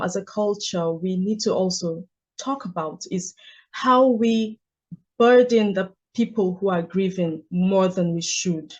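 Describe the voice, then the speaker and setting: A woman, an author telling stories in a measured, reflective way during a book club discussion. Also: medium pitch, darkish tone. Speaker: author and guest.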